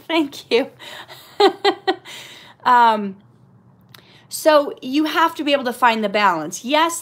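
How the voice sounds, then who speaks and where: A middle-aged woman talks through a casual live stream, reading out viewer comments and answering each one. Her voice sits somewhat high, and she gives faith-minded advice in an easygoing way. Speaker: host answering live chat questions.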